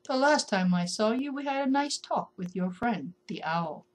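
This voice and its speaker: A woman voicing a wise old male stone that rumbles and speaks slowly. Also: lively intonation, lightly acted. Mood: calm. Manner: slow, rumbling.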